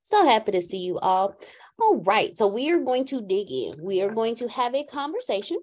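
Southern woman co-host, chatty and warm-hearted, very animated in her pitch, casual talk. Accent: Southern American. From Galveston, Texas. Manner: bubbly, chatty, laughs often, drawn-out greetings. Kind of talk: casual livestream chat.

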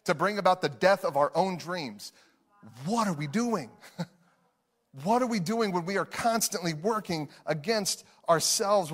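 A man in his thirties preaching a sermon as pastor, earnest, repeating phrases for emphasis and chuckling between lines. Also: a little high.

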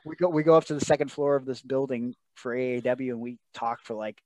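An earnest man recounting a heartfelt story as a podcast guest, his voice sitting at an ordinary middle pitch. The recording is dry and close, with no room sound around him. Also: fast, darkish tone, no echo. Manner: emotional, earnest storytelling with quoted dialogue. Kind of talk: casual storytelling interview.

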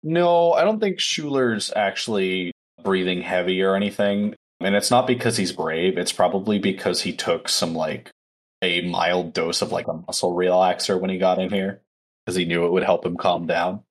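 A man playing a tabletop game who calmly explains his character's actions in a matter-of-fact way. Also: sits low, moderate pace. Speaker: player. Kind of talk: casual tabletop play.

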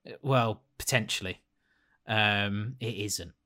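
Guy on a film podcast, bright tense voice, rambly and swears a lot. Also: lowish voice, slow pace. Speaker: podcast co-host reviewing a film. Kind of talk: casual film-review chat.

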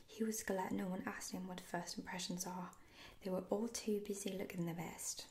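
A woman tells a fairy tale in a hushed, unhurried whisper. It is a whispered role-play, soothing and soft-spoken, with a slight gravelly texture under the breath. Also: on the low side, fairly even intonation. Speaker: storyteller.

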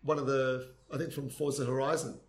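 A man in a casual chat who jumps in with quick questions. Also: mid-range voice, level tone. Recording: echoey room with faint noise.

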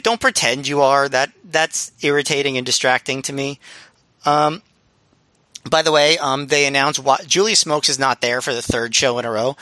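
A man's voice: on the high side, pushed and bright, no room sound. A man co-hosting a podcast, chatting casually with frequent ums and restarts. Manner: rambling with many ums and restarts. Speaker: podcast co-host. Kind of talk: casual chat reviewing wrestling.

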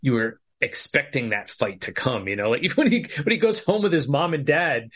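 A man with a husky, slightly breathy voice talking casually about a film. He is animated and acts out his own reactions, swearing freely as he goes. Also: medium pitch, brisk. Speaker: podcast co-host discussing a film. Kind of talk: casual chat.

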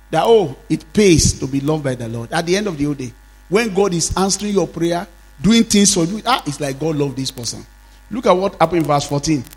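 A fervent man preaching with a high voice, chanting prayers and calling out lines for the congregation to repeat. His voice rings with the long reverb of a church hall. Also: slightly rough. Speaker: pastor. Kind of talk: sermon with prayer.

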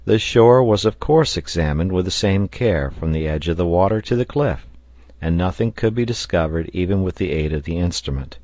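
Male audiobook narrator, steady reading, low voice, dry close recording. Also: moderate pace, no echo. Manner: steady, even-paced reading.

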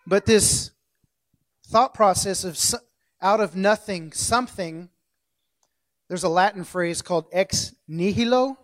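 High-voiced man giving a casual sermon. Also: unhurried, long pauses. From central United States. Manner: jokey, self-correcting, loosely conversational. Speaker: preacher.

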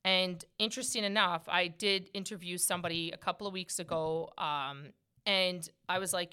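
A loud, lively woman hosts a casual podcast chat. Her voice is bright and forceful. She is middle-aged and laughs easily between points. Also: on the low side, moderate pace, clear, resonant tone. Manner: loud, animated, laughs often. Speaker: podcast host.

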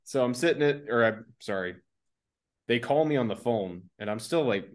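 A man's voice: mid-range voice, lively intonation, moderate pace. A man from the United States, a podcast guest and army veteran, telling a rambling, laid-back story and laughing along as he goes. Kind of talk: casual anecdotal storytelling.

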